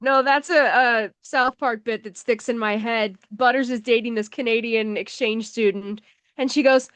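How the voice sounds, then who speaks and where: A woman's voice: on the high side, fairly even intonation, moderate pace, a bit bright, no echo. A woman co-hosting a film review podcast, chiming in with wry, dry comments. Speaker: podcast co-host reviewing films. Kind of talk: casual chat about a movie.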